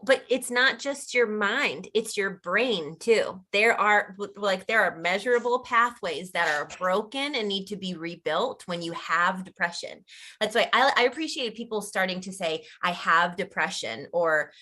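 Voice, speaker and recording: Woman cohost, bright clear voice, emphatic, casual chat. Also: mid-range voice. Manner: emphatic, explains with examples. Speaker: co-host interviewer. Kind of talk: casual conversation.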